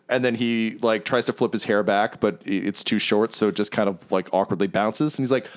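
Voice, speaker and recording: A man's voice: lowish voice, normal speed, smooth. A man narrating an improvised tabletop game as game master, hesitant and full of uhs and ums.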